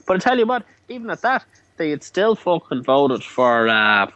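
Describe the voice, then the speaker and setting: On a late-night phone-in show, a man with a slightly high, slightly bright voice and big pitch swings chats at normal speed, swearing and teasing a lot. After plenty of beer he stumbles over repeated words. He's calling from abroad, in a time zone ahead of the other host, on a dry recording with the highs cut off.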